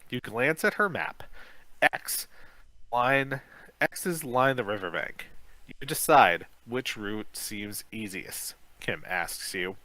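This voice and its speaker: Bright, lively male storybook reader. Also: mid-range voice, slow, no echo, low-quality recording. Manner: lively reading with asides. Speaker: podcast co-host and reader. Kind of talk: reading a kids' adventure book aloud.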